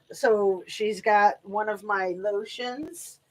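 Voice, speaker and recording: A woman's voice: fairly low pitch, a little slow. A woman in her fifties hosting a casual live stream from home, chatting to viewers and talking to her dogs in a rambling, friendly way. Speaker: true crime channel host. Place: home room.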